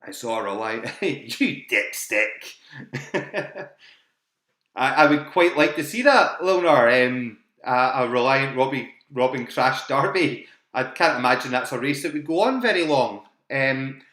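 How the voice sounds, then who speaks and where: A man's voice: mid-range voice, expressive, measured pace, bright, forceful tone. A man hosting a live online quiz from his home, chatty and laughing often as he repeats each question and its options. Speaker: quiz host. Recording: echoey home room.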